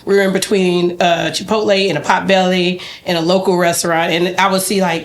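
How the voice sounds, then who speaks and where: A woman's voice: lowish voice, level tone. Chatty woman co-host in her fifties. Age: 50s. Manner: chatty, talks in quick run-on bursts. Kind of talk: casual interview chat.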